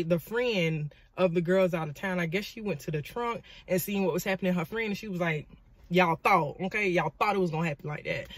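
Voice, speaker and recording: Woman vlogger; lively, dramatic storytelling with asides; dry, close recording. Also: on the low side, no room sound. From Florida, US. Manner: animated, dramatic retelling with lots of asides. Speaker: vlogger and motivational speaker. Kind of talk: storytelling vlog.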